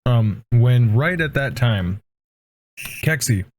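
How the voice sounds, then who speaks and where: A man's voice: mid-range voice, lively intonation, takes it slowly, a little mellow, a little hiss or hum. A man narrating a tabletop role-playing game as game master, in a casual, profane way.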